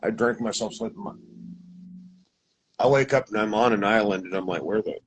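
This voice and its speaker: A man's voice: fairly low pitch, moderate pace, a little hiss or hum, low-quality recording. A man from Montana casually telling a long personal story, rambling, with many asides and self-corrections. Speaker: guest telling an encounter story.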